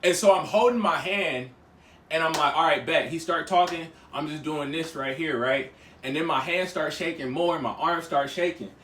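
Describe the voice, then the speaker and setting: Young man, high voice, bright tone, casual storytime vlog, slangy, emphatic, acts out dialogue. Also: normal speed, reverberant, slight background noise. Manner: emphatic, acts out dialogue with big swings in loudness; slangy and conversational. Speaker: vlogger.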